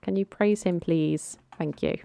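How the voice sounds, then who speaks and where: Low-pitched young woman, casual game commentator, chatty and coaxing, dry close sound. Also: measured pace, gravelly, mellow, no echo. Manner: chatty, coaxing her game characters, giggles often. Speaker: gaming channel host.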